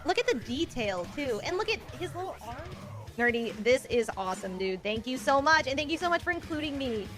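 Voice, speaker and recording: A woman gushes over a gift with constant exclamations. Her voice is high, bright and lively. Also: fairly quick, soft background music. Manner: gushing, exclamatory. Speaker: content creator. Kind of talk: excited reaction clip.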